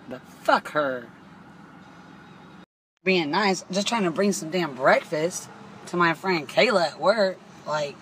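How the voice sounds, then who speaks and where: A woman's voice: fairly low pitch, lively intonation, takes it slowly, pauses often, a bit bright, a little hiss or hum, low-quality recording. A young woman ranting into her phone from a parked car, swearing and exasperated as she retells an argument. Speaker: vlogger. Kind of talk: indignant profane rant.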